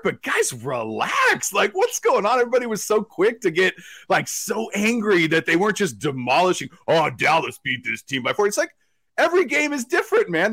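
An excitable man chatting on a sports podcast, his fairly high voice bouncing all over with bright, sharp edges. He tells stories in a quick, animated way. The sound is close and dry. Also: dry recording. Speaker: podcast co-host. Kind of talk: casual sports chat.

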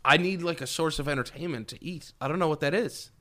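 A man's voice: on the high side, pushed and bright. A man co-hosting a podcast in casual chat, defending himself and asking questions, often stumbling over his starts. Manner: defensive, questioning, halting restarts. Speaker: podcast co-host.

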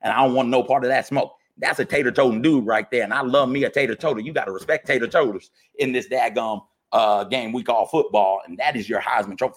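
A man with a husky, breathy edge to his voice rants about a game in heated, repetitive bursts. His comes through in loose, slangy phrasing, and he sounds fired up throughout. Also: mid-range voice, fast, hardly any pauses. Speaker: podcast co-host. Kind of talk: heated sports rant.

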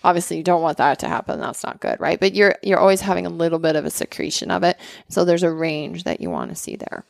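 Gravelly low-voiced woman explaining casually. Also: lively intonation, no room sound. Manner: quick, conversational, peppers explanations with "right?".

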